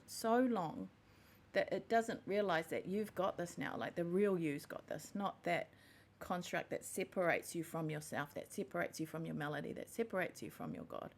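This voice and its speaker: A podcast host with a fairly low voice and vocal fry speaks at a moderate pace. Her reflective monologue is sincere and heartfelt, dotted with self-repairs.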